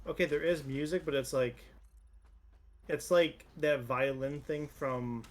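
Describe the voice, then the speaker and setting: A man streaming a game with a friend, chatting in a relaxed, rambling way and swearing freely. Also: a little high, a little slow. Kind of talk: casual gaming chat.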